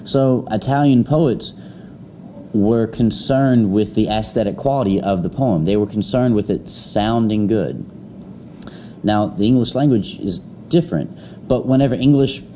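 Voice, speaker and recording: Young male teacher, low mellow voice, rambling lecture style, faint hiss in the classroom. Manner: rambling, many fillers and restarts.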